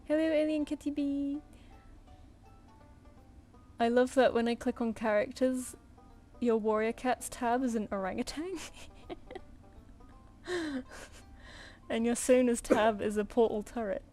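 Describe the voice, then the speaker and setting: A woman's voice: fairly high pitch, unhurried, pauses often, darkish tone, faint music behind. A woman artist chatting casually on a live stream while she draws, muttering and counting under her breath.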